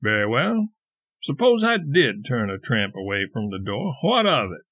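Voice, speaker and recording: A man voicing an irritable gentleman who answers sharply and crustily. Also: mid-range voice, sing-song, normal speed. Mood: crusty. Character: irritable, indignant gentleman storyteller.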